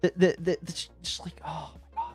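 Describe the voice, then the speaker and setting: A woman's voice: on the low side, level tone, fairly quick, darkish tone, faint music behind. A woman from the United States streaming reaction commentary in a brash, crude, mocking way, swearing often.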